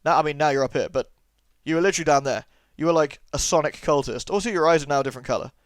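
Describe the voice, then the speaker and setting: A man's voice: fairly high pitch, racing, dry recording, clean studio sound. A man commentating a game playthrough, chatty and sarcastic, joking at the characters. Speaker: let's play host. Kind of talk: gameplay commentary.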